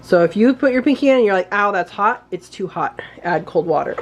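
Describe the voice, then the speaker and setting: A woman's voice: lowish voice, animated, fast talker, a little mellow, slight background noise. Chatty woman with hiccups, cooking at home. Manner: chatty, talks while working, apologizes for hiccups. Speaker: home cooking channel host. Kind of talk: casual cooking demonstration.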